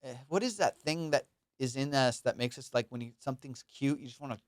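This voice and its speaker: A young man talks alone into the mic in a loose, rambling way, poking fun at himself and swearing without care. His voice sits at an ordinary middle pitch and comes through smooth and clear. The sound is close and dry, with no room around it. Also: a little fast, dry recording. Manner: rambling, playful and self-mocking, swears freely. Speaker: comedian hosting his own podcast. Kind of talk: casual solo podcast chat.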